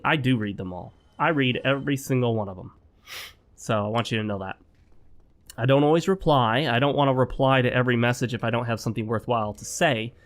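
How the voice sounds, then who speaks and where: A man hosting his own gaming channel, chatting casually and with strong opinions while he plays, sounding a bit sick. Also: mid-range voice. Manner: rambling, opinionated, talks straight to viewers. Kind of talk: casual gameplay commentary. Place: home.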